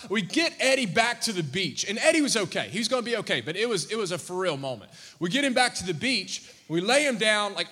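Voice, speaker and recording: Man, preacher, animated storytelling sermon, calls out to the crowd, high voice, crisp forceful tone. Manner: animated, calls out questions to the audience. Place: church sanctuary. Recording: long church-hall reverb.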